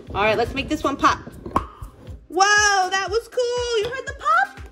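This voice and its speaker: A woman toy blogger chatting casually at home as she unboxes toys, gushing and gasping with excitement. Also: high-pitched. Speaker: toy collector and parent blogger.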